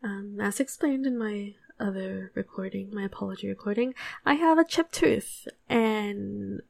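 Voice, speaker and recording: A woman's voice: medium pitch, unhurried, vocal fry, darkish tone, no echo. Young woman in a put-on Australian accent. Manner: chatty and rambling, giggles between remarks. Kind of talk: casual storytelling monologue.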